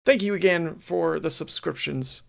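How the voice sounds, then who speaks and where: A man's voice: a little high, a little slow, creaky. A man streaming a retro game, chatting casually and playfully, reading game text aloud with mock drama.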